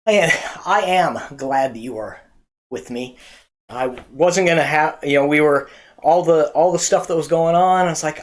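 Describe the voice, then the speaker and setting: A man hosting a church comedy night, telling corny jokes in a halting way with many fillers and restarts. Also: fairly high pitch. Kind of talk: casual joke telling to camera.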